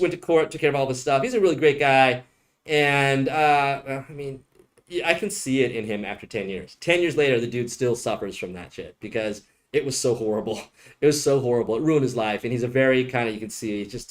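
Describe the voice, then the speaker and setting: A male immigration attorney answering viewer questions in a casual, joking livestream Q&A, blunt and given to rambling asides. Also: medium pitch.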